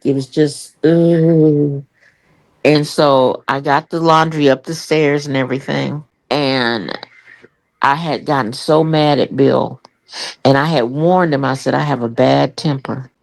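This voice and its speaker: Profane older woman telling stories. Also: deep voice. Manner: profane, animated storytelling with voiced quotes. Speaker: comedian guest. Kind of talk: candid storytelling interview.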